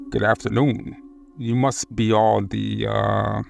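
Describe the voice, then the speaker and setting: A man doing a slow, eerily polite concierge. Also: on the low side, little pitch movement, creaky, heavily acted. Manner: slow, formal, measured. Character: large formal male resort concierge, eerily polite.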